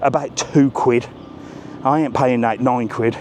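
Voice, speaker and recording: A man's voice: mid-range voice, fairly even intonation, unhurried. Chatty man vlogging while walking outdoors. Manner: chatty, cheeky, talks straight to viewers and reads their messages. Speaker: travel vlogger on a live walking stream. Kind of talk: casual live-stream walking commentary. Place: outdoors on resort streets. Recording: faint outdoor street noise. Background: faint street and traffic noise.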